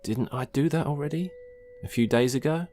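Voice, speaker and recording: A man's voice: a little high, normal speed, a little mellow, a little hiss or hum, pitched above the performer's own voice, close to an everyday voice. A tired young office worker in a storybook, uneasy and unsure of himself, as a man puts him on. He asks hesitant, puzzled questions in a raised but unforced voice. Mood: confused.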